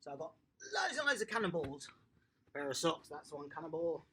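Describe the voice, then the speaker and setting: A children's tennis coach, giving a lively, encouraging home lesson and praising the young players outdoors in a garden. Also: mid-range voice, a little fast, slightly rough.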